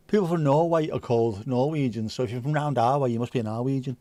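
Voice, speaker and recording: A man's voice: mid-range voice, fast talker, hardly any pauses, warm tone, no echo. A man, hosting a livestream and chatting casually with viewers, telling comic stories and swearing freely. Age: 50s. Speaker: livestream host. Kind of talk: casual chat reading viewer comments.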